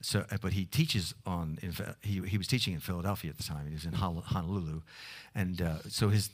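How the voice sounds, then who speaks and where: A man preaching a sermon, telling a story with many halting restarts, then leading a prayer. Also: deep voice.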